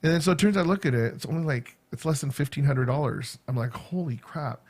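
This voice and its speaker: A man's voice: fairly high pitch, expressive, quick pace. A man in his fifties telling a rambling, casual story to his viewers, full of fillers and repeated words. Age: 50s. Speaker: vlogger and school teacher. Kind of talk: casual chat.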